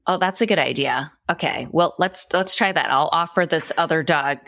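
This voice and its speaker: A woman's voice: deep voice, moderate pace, a bit bright. A woman playing a tabletop game, chatting in an easygoing way. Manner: easygoing, laughs often. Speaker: player. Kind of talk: casual tabletop gameplay chat.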